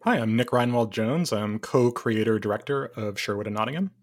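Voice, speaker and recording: A man being interviewed as a co-creator and director, answering in a measured way with frequent pauses. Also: lowish voice.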